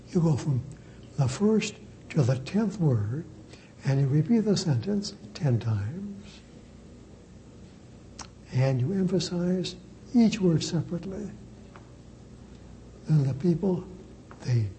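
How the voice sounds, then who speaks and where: Slow, dark-voiced preaching priest. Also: male voice, on the high side, big pitch swings, slight background noise, low-quality recording. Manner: slow, emphatic preaching with deliberate repetition. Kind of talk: sermon.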